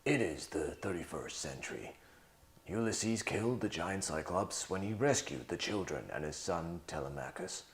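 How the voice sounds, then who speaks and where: A man's voice: deep voice, animated, normal speed. A man reading a dramatic cartoon opening narration in a grave tone.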